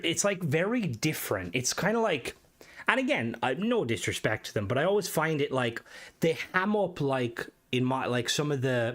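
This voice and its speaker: A young Irish man with a softened accent chats casually on his livestream, rambling and swearing as he reads comments and greets viewers. His voice is medium-pitched.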